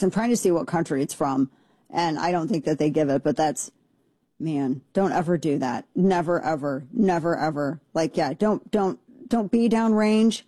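In a dry recording, a man with a fairly high, creaky, warm voice hosts a talk radio show. He reacts to a video with disbelieving jokes, rambling and restarting as he goes, in a casual commentary style.

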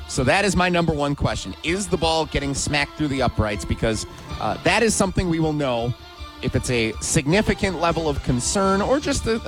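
A man co-hosting a sports talk radio show, asking rhetorical questions with an emphatic, energetic delivery. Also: a little high.

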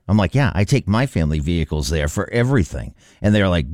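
A man's voice: low-pitched, expressive, brisk, hardly any pauses, darkish tone, no echo, studio quality. A man hosting a radio show, reading sponsor ads in a chatty, upbeat storytelling way. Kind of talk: host-read radio ad.

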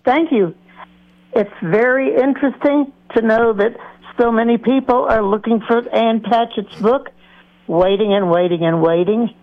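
A woman calling in to a radio show, speaking in a warm, gushing way. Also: a little high, unhurried. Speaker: caller. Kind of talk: phone-in call. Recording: dull call-in line.

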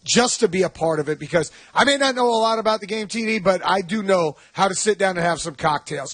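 A man from Atlanta hosting a sports radio show, chatty and enthusiastic, with quick asides. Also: sits high, a bit bright, slightly rough, dry recording.

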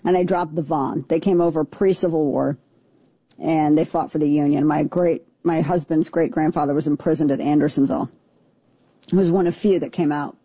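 A woman's voice: low-pitched, steady tone, moderate pace, dark tone, slightly rough, dry recording. A woman in her forties, co-hosting a casual on-air chat, telling stories with self-mocking asides. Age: 40s. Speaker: radio show co-host.

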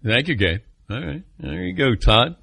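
A man's voice: medium pitch, lively intonation, gravelly, pushed and bright, breathy edge, no room sound. A middle-aged man hosting a radio talk show, bantering with callers and crew in a joking, self-mocking way. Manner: joking, self-mocking, quick back-and-forth. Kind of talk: casual talk radio chat.

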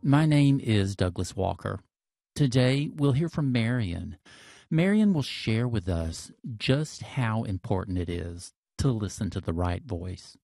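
A man hosting a podcast, reading a calm, measured scripted introduction. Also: on the low side, vocal fry, no echo, clean studio sound. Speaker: podcast host.

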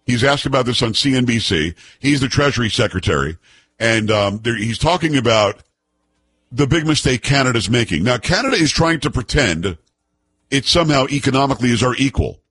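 A man hosting a talk show, chatting and teasing his co-hosts in an animated, joking way. His voice is husky and mid-pitched, recorded dry and close with no room sound. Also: brisk, no echo. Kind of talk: casual talk show banter.

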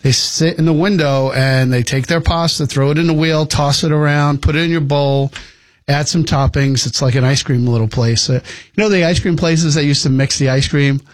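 A man's voice: on the high side, moderate pace, no room sound. A man co-hosting a casual chat, explaining a cooking technique at length in an easygoing way. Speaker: podcast co-host.

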